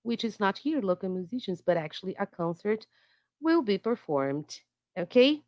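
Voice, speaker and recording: A woman teaching English, relaxed, checking in with her students. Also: medium pitch, normal speed, no room sound. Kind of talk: wrapping up a class and handing over.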